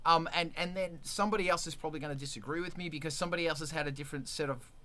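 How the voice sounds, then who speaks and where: A man hosting a casual livestream chat, talking in an animated, rambling way with restarts and swearing. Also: a little high, racing. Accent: Australian. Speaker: livestream host, musician.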